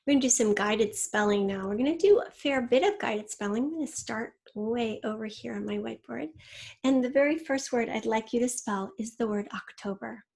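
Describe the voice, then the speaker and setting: A woman's voice: a little high, fairly quick, vocal fry, a little mellow. A woman teacher giving a recorded spelling lesson to young children, walking through each rule step by step and stretching out the words she wants spelled. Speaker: third grade teacher.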